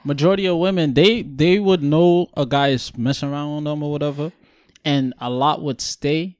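A man's voice: a little high, fairly even intonation, normal speed, dry recording, clean studio sound. A young man co-hosting a podcast in casual chat, laid-back and reflective. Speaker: podcast co-host.

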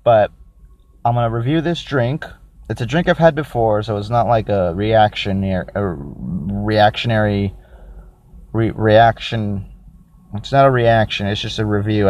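Low-voiced rambling podcast guy. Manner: rambling, crude, self-mocking, thinks out loud. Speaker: podcast host. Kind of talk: casual solo podcast, reviewing a drink.

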